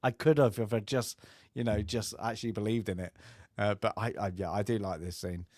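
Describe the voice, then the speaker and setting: A man's voice: on the low side, fairly even intonation, a little fast, a little mellow, dry recording, clean studio sound. A man chatting casually about a film, rambling with many fillers and acting out lines. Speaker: film review podcast host.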